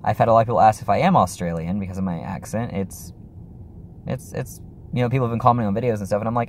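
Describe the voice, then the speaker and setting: A man's voice: fairly low pitch, fast, a little mellow, a little hiss or hum. A young man chatting casually in a vlog, rambling and apologetic, with lots of fillers and restarts. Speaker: YouTuber.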